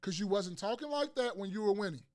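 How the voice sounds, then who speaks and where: A man's voice: high-pitched, animated, fast, darkish tone. A man hosting a casual podcast chat, ranting emphatically with slang and profanity and repeating phrases for emphasis. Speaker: podcast host.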